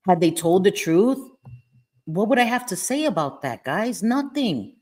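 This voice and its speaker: Middle-aged woman ranting live at her chat, lower voice, angry, swearing a lot, says stuff twice. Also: darkish tone. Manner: angry, profane, repeats herself. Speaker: livestream host. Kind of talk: heated livestream rant. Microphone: webcam or phone.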